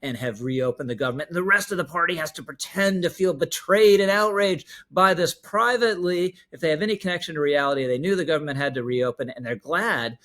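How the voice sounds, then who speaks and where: A man's voice: fairly high pitch, fairly quick, hardly any pauses, fairly bright tone. A man delivering political opinion commentary in a wry, emphatic way.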